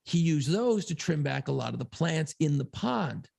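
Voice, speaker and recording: Gravelly, profane man telling a story. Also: a little high, sing-song, moderate pace, darkish tone. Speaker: podcast co-host. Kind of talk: casual storytelling chat.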